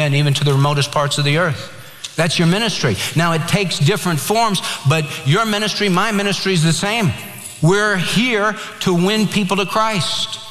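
A man's voice: a little high, fairly bright tone. A man preaching a sermon, earnest and direct, quoting scripture and telling a joke along the way. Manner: earnest preaching, tells jokes and quotes scripture. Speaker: pastor. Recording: echoey hall with long reverb.

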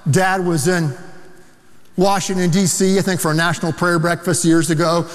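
A man preaches to his congregation with emphatic, animated delivery, dropping quick asides between points. His voice sits high, and it rings out with the long reverb of a big church sanctuary. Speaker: pastor. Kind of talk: sermon.

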